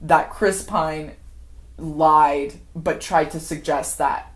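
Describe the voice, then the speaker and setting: A woman's voice: low voice, steady tone, slow. A young adult woman giving an unscripted, chatty movie recap, full of "like" and laughter. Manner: chatty, heavy use of "like", acts out quoted characters, laughs often. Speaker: film commentary vlogger.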